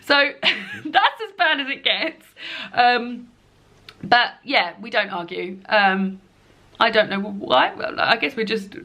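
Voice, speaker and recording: A woman talks to camera from her lounge at home. Her voice is bright and forward, and her casual chat rambles along, full of "um"s and quick laughs. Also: on the high side, sing-song. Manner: chatty, rambling, laughs often, many fillers. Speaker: book vlogger.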